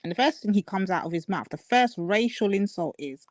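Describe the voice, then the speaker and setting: A man's voice: high voice, lively intonation, fairly quick, dry recording. A man hosting a talk show, mocking a clip in emphatic, casual street slang. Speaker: show host.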